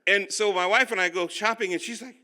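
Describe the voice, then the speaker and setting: Animated pastor with a bright voice. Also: male voice, high voice, fairly quick. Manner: animated storytelling, self-mocking, talks straight to the room. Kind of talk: humorous sermon-style teaching.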